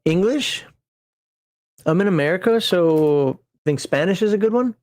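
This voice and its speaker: Male streamer and game master, casual rambling talk, a bit higher pitched, dry close sound. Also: expressive, normal speed, a little mellow, no echo. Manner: rambling and digressive, chuckling at himself. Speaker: game master and channel host. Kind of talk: casual livestream chat building a character.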